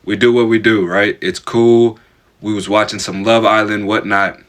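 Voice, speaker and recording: A man's voice: on the low side, little pitch movement, moderate pace, fairly bright tone. A man telling a personal story casually to camera, chatty and stammering. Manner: chatty, repeats "bro", stammers.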